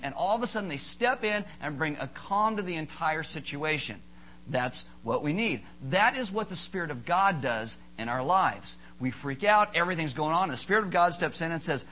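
A man preaching a sermon as pastor, animated, acting out panicky bystanders in high squeals now and then. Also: moderate pace, poor audio.

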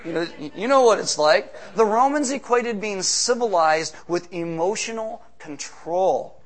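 A man preaching a sermon on stage, animated, with joking asides and shouts for emphasis. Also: high voice, measured pace. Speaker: pastor. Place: church stage with slides.

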